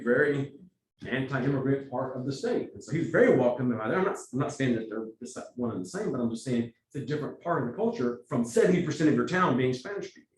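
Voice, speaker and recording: A man with a Texas accent leading a church evangelism workshop, talking conversationally and acting out quotes in lively asides. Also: mid-range voice, slight background noise. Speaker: evangelism trainer. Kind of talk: workshop teaching. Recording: echoey room, from far off.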